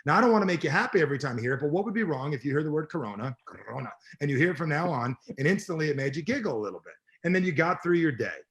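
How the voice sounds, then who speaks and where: A man's voice: a little high, very animated, racing, hardly any pauses, fairly bright tone. A middle-aged man, a personal development coach, talking bluntly and emphatically in an interview. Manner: emphatic, blunt, swears freely. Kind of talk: energetic interview talk.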